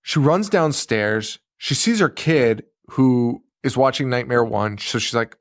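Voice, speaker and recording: A man's voice: mid-range voice, unhurried, dry recording. Male podcast co-host, casual profane film recap, acts out quotes, dry close mic. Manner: profane, animated retelling with acted-out quotes. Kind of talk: casual movie recap chat.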